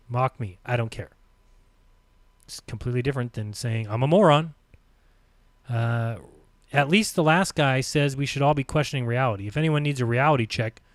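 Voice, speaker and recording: A man hosting a live stream, reading comments aloud with sarcastic, mocking remarks between quotes and dropping to a low mutter on short asides. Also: no room sound.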